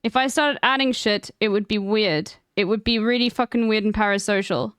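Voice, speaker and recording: A woman's voice: medium pitch, fairly even intonation, a little fast, a bit bright, clear, resonant tone, dry recording, studio quality. A woman chatting casually on her stream, rambling and emphatic with plenty of swearing.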